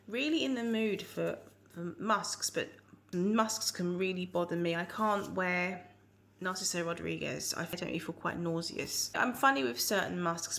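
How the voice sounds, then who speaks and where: A woman's voice: on the low side, gravelly, fairly bright tone. A woman with a Surrey accent chatting casually through a perfume review, rambling with frequent ums and restarts. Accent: Surrey English. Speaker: fragrance reviewer.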